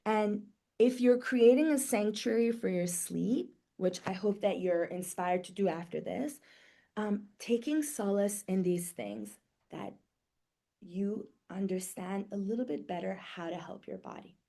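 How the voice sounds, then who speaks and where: Over a video call from her home office, a middle-aged woman teaches a live webinar on somatic wellness. She talks in a casual way and plays out daily examples with fast voiced reactions, her mid-range voice expressive, creaky, and dark in tone.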